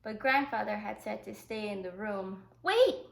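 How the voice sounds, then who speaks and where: A woman teacher reading a picture book aloud to children, with gentle asides explaining the story. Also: medium pitch, normal speed, gravelly. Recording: echoey room.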